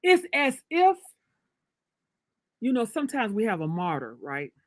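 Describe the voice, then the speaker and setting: A woman's voice: fairly high pitch, wildly swooping pitch, a little slow, dry recording. A woman author being interviewed, telling her story in an emphatic, preacherly way with big swings of energy. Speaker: author, guest. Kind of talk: casual livestream interview.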